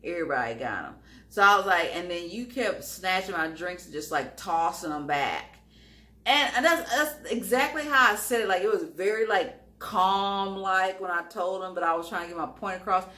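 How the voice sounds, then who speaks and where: Bright-voiced woman telling a story. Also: on the low side, moderate pace, echoey room. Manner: animated, acts out quotes, lots of "like". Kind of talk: casual storytime.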